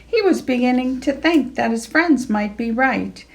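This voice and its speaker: A woman reading a children's picture book aloud, slow and expressive, jumping up in pitch for the animals. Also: gravelly. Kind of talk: read-aloud storytelling.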